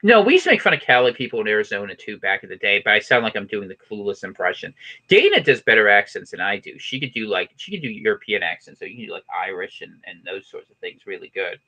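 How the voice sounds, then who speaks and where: A man from the western United States hosting a podcast in casual chat, talking fast and rambling with many restarts. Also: on the low side, lively intonation, sharp tone. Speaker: podcast host.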